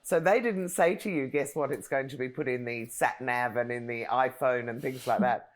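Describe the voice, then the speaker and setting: Woman host, deep voice, chatty and eager, quick to laugh. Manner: chatty and enthusiastic, laughs easily. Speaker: podcast host. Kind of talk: casual interview chat.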